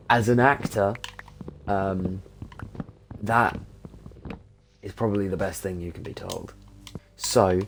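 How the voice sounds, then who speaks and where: A man's voice: sits low, vocal fry. A young man chatting and thinking aloud as he streams a game, rambling casually between tasks. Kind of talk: casual gameplay commentary. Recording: noisy with keyboard clicks. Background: keyboard typing.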